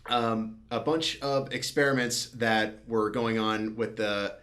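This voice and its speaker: A man's voice: on the low side, fairly even intonation, slow pace, fairly bright tone. A man co-hosting a podcast in casual chat, summarizing a film in a laid-back way with frequent laughter. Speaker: podcast co-host.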